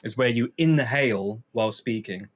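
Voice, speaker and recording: A man's voice: mid-range voice, moderate pace. A man co-hosting a comedy podcast in casual chat, laughing often and hedging with fillers. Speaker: podcast co-host.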